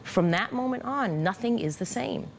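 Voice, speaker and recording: A woman who has been through cancer, speaking candidly and haltingly in an interview, with frequent restarts and fillers. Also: a little high, animated, creaky, slight background noise. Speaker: former cancer patient. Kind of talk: reflective interview.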